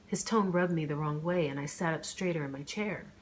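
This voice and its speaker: A woman reading a first-person romance audiobook in a measured, expressive storytelling manner. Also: low voice, a little hiss or hum, poor audio. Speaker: audiobook narrator.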